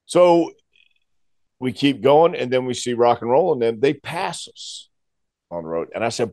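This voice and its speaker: A man, a former wrestler, telling a story in a casual chat, animated and laughing often as he acts out the voices. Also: medium pitch, a little slow, no echo, clean studio sound.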